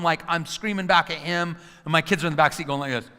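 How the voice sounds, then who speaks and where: A middle-aged man gives a lively motivational talk. He acts out scenes from his story and keeps asking the audience questions. His voice is bright and forceful, and it rings through a large hall with a long reverb. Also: on the high side, brisk, smooth. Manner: animated storytelling, acting out scenes, quizzing the audience. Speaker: motivational speaker and coach.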